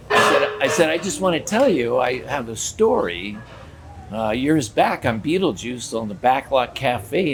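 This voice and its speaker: This older man, a theme park character performer, spins stories during a relaxed interview and voices the dialogue as he goes. He speaks at a medium pitch with some vocal fry, against faint background noise.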